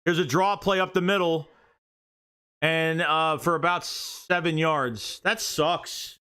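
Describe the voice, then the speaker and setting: Swearing, excitable male fan streamer. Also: fairly high pitch, slow, smooth. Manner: profane, excitable, yells at bad plays. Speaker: fan streamer calling the game. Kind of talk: live fan reaction play-by-play.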